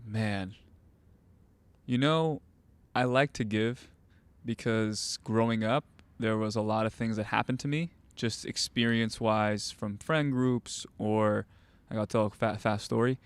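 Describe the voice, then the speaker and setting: A man's voice: on the low side, fairly even intonation, a little slow, clean tone, no echo. A young man, a goalkeeper coach and host, telling stories casually with many fillers and restarts. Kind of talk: casual conversational storytelling.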